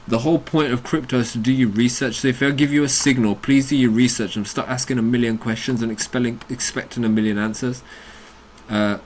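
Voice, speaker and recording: A man's voice: mid-range voice, steady tone, a little fast, a little mellow, a little hiss or hum. A British man hosting a crypto channel, ranting bluntly and combatively about a chat argument, with plenty of swearing. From United Kingdom.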